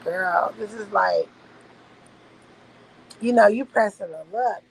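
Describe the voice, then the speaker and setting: A woman's voice: medium pitch, slow, slightly rough, low-quality recording. A woman hosting a casual livestream, chatting loosely with her viewers and swearing freely. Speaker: livestream host. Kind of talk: casual late-night livestream chat.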